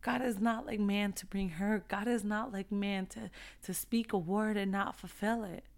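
A woman's voice: mid-range voice, fairly even intonation, moderate pace, vocal fry, a little mellow. A woman giving a heartfelt devotional talk, earnest and repetitive, building in intensity as she speaks.

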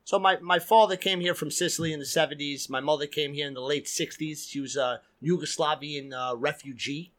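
A man's voice: fairly high pitch, brisk, hardly any pauses. A man from Queens with a strong New York accent, chatting casually as a podcast guest, full of "like" and "you know". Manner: animated storyteller, heavy filler "like" and "you know". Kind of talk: casual chat.

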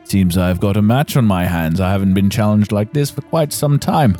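A man voicing a smug, sarcastic card player at a high-stakes table in a tabletop game, with a taunting, drawn-out delivery. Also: dark tone, soft background music, lightly acted. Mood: gracious.

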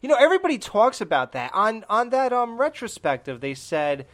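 A man's voice: sits high, very animated, a little fast, fairly bright tone. A man co-hosting a horror podcast, chatting casually and rambling with lots of restarts and laughter. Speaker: podcast co-host. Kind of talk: casual chat.

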